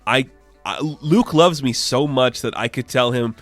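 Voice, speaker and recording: A man's voice: medium pitch, measured pace, no room sound, soft background music. A man giving a casual, enthusiastic spoken review of a comic book, full of "like" fillers. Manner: chatty, enthusiastic, frequent "like" fillers.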